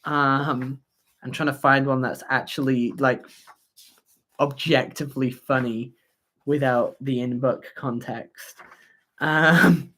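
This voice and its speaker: A young adult hosting a casual livestream as a student union candidate, talking in a halting way with fillers and idle humming. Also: medium pitch, fairly even intonation, a bit bright. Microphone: webcam or phone on a livestream.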